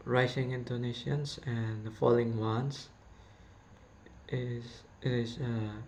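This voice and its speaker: A young man giving a class presentation that analyzes mispronunciations, slow and halting with fillers and self-corrections. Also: mid-range voice, a little mellow. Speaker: student presenter. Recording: faint background noise.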